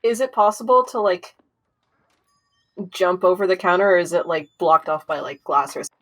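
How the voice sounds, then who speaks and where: A woman's voice: on the low side, expressive, moderate pace. Blunt, swearing woman player. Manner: blunt, profane, hesitant fillers. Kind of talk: casual tabletop play.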